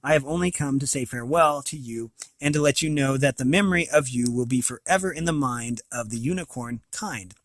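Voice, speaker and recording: A man reading a novel aloud, voicing a solemn male unicorn who speaks calmly and formally. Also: medium pitch, fairly quick, hardly any pauses, no echo, lightly acted. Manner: calm, resigned, formal.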